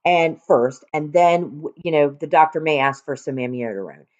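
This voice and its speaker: A woman's voice: sits low, normal speed, darkish tone. A woman teaching nurses in a casual, conversational way, checking in often with "okay?". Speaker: nursing instructor. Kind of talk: recorded classroom lecture. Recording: dull lo-fi lecture recording.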